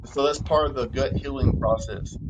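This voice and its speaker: Man, health coach, live Q&A, halting with many fillers, muffled noisy audio. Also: medium pitch, fairly even intonation. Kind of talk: live Q&A chat.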